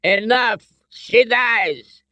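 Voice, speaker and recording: A brutish, hulking colonel with a thick German accent, barking threats through clenched teeth, as a male reader puts him on. Pitched well above the reader's low voice and slowed for menace, in a dry close recording. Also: sharp tone, dry recording, heavily acted. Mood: menacing. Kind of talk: audiobook character voice.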